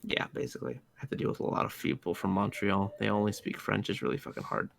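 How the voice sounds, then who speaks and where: A man's voice: lowish voice, animated, fast, gravelly. A man from the United States, co-hosting a casual livestream, joking and swearing often. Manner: profane, joking. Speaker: co-host.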